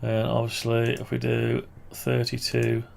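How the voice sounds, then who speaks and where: A man's voice: mid-range voice, completely flat delivery, a little slow, vocal fry, a little hiss or hum. A man walking through his amateur radio antenna project on screen, thinking aloud and correcting himself as he goes. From United Kingdom. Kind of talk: casual screen-share walkthrough.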